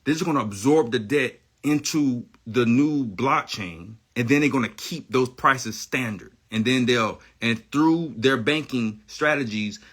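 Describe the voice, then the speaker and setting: Man delivering a rambling, profane livestream rant; bright, tense delivery, insistent. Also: medium pitch. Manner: rambling, profane, repeats himself; emphatic, insistent.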